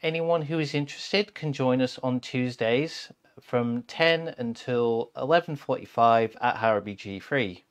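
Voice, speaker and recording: A man's voice: mid-range voice, measured pace, clean tone. A man co-hosting a community live stream, who reads out the schedule and introduces a picture book in a playful, self-mocking way. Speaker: co-host.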